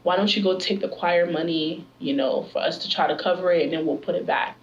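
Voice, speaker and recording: A woman voicing her husband, a man coaxing her quietly and persuasively. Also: fairly low pitch, fairly quick, roomy sound, muffled recording, lightly acted. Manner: soft, coaxing.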